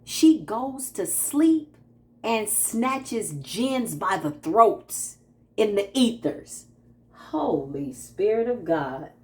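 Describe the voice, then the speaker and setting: Animated woman spiritual talker. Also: medium pitch, very slow. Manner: animated, laughing, quotes herself in playful asides. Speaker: spiritual practitioner and channeler. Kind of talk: casual spiritual talk to viewers.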